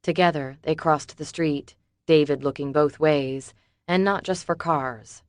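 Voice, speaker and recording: A woman narrating an audiobook in an even, measured reading. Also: sits low, no echo, clean studio sound. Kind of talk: scripted narration.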